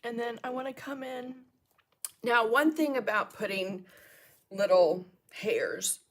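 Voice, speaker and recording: A chatty middle-aged woman with a fairly high voice teaches a live painting lesson, slowly talking viewers through each brush step. She greets viewers and coughs and laughs between steps.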